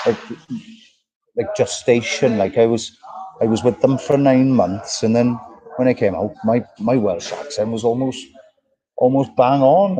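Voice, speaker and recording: A man's voice: lowish voice, warm tone, poor audio. A man co-hosting a casual livestream, greeting viewers by name and bantering in a jokey, sweary way. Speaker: livestream co-host. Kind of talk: casual live-stream chat reading comments. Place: outdoors in a park.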